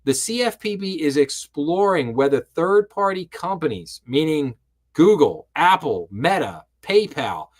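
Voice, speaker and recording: A man hosts a live-streamed finance commentary show, his voice sitting a little higher than most men's. He talks with impassioned, sarcastic energy, and he restarts and repeats words as his indignation builds. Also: very animated, unhurried. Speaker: host.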